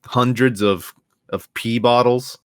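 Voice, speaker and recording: A man's voice: mid-range voice, steady tone, slow pace, a bit bright, clear, resonant tone, dry recording, studio quality. A young man co-hosting a casual comedy podcast, rambling through jokey stories with plenty of restarts. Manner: rambling, jokey, slips into silly voices. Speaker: podcast co-host.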